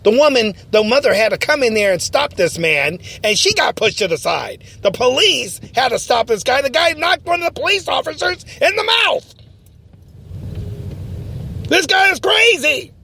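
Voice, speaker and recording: A man hosting a mock talk-radio show, ranting and often shouting in a mocking tone. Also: very high voice, lively intonation, normal speed, gravelly, breathy edge.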